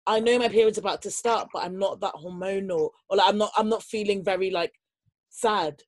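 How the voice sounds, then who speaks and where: A woman chatting casually in a calm, reflective way. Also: mid-range voice, fairly quick, no echo. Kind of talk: casual chat.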